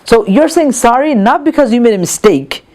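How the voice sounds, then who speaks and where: A middle-aged man teaching a lesson on calming angry people, earnest, repeating words and restarting sentences, with many fillers. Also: very high-pitched, normal speed. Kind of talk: lecture on calming anger.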